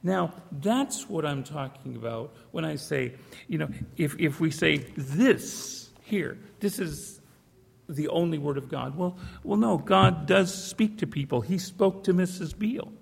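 A man's voice: a little high, expressive, measured pace, vocal fry, husky, big-room sound. A man preaching a sermon, telling a folksy story with frequent restarts, in a church. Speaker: pastor.

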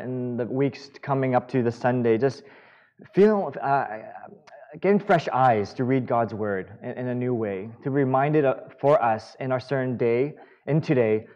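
A man preaching a sermon, earnest and halting, with self-deprecating humor. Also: mid-range voice, darkish tone, highs cut off. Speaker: pastor.

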